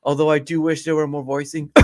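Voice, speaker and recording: A man chatting as the guest player on a gamebook stream, rambling through asides and laughing often. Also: a little high. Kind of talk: casual chat on a gamebook stream.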